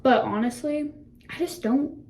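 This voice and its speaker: Teen girl vlogger, seventeen, rambling casual talk to a phone in a bathroom, quick laughs, loose swearing, slightly high voice. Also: a little mellow, a little hiss or hum. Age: teens. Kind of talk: casual self-reflection chat to camera. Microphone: phone camera.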